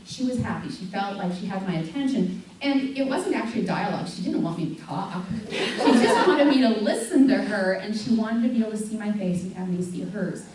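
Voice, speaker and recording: A middle-aged woman giving a lively talk to a parents' group, acting out stories with big jumps in her voice and frequent laughs. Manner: animated storyteller, acts out voices of her daughter with big pitch jumps and laughs. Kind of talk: live talk to an audience. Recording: echoey hall from far off, faint hum.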